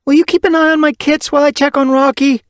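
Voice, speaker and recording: A man's voice: very high voice, level tone, fast, no echo, clean studio sound, voice pushed up. Mothflight, an anxious she-cat, as a man puts her on. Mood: motherly. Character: anxious young she-cat medicine cat mother.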